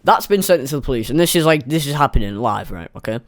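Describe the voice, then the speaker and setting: A man's voice: medium pitch, animated, quick pace, dry recording, studio quality. A young man telling a rambling, sweary, self-mocking story in a casual storytime monologue.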